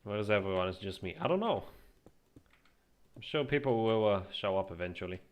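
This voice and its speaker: A man with a fairly low voice talks through his gameplay at his computer, relaxed and musing aloud. He often restarts his sentences as he thinks. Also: fairly quick. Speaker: streamer. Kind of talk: casual gameplay commentary.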